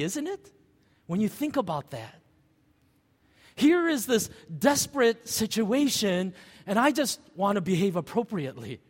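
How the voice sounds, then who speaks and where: A middle-aged man preaching a sermon as pastor, telling a personal story and asking the congregation rhetorical questions. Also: high voice. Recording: long church hall reverb.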